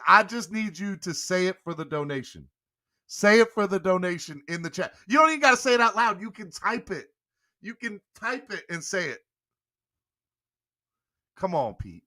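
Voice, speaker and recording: A man's voice: high-pitched, expressive, normal speed, pushed and bright. A young man hosting a casual live-stream sports show, playfully coaxing a guest and laughing often. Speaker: podcast host.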